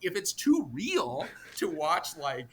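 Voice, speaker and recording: A middle-aged man, a podcast guest, telling an animated story in an emphatic, exasperated way, blunt and sometimes profane, talking in rapid bursts full of restarts. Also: on the high side, a little hiss or hum. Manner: talks in rapid bursts with many restarts and fillers. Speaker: podcast guest, tech company co-founder.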